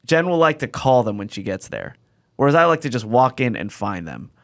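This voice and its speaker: A man chatting casually as a podcast co-host, his voice leaping higher whenever something excites him. He sits at a middle pitch and is recorded close on a dry mic. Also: fairly quick, no room sound. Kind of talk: casual chat.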